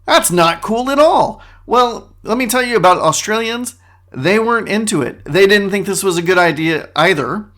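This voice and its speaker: A man's voice: high-pitched, animated, moderate pace, sharp tone. A man hosting his own podcast, delivering a comedic monologue with sarcastic, mock-boastful asides. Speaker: podcast host.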